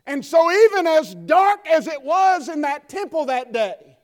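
A male preacher with a strikingly high voice. He delivers his sermon in a fervent, repeating cadence that builds on each phrase. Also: sing-song, unhurried. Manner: impassioned, repetitive preaching cadence.

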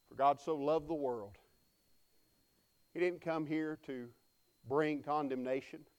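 Pastor, lightly high and smooth, folksy preaching with congregation prompts. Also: male voice, fairly even intonation, normal speed, long pauses, darkish tone, dull audio. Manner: folksy storytelling preacher, calls for congregation response. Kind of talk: sermon.

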